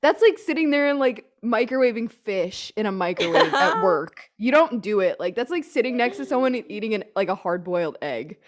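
A young woman telling a story in casual chat, swearing a lot, ranting, and acting out her own lines in a lower voice. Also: lively intonation, brisk, few pauses.

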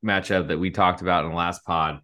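A man's voice: sits low, steady tone, fairly quick, bright, forceful tone. A man co-hosting a sports betting podcast, easygoing and hedging his points with fillers. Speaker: podcast co-host. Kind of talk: casual sports betting chat.

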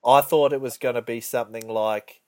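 A man's voice: medium pitch, fairly even intonation, normal speed, a little mellow, no echo. A young man co-hosting a podcast, telling stories in crude, laid-back slang. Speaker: podcast co-host. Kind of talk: casual banter.

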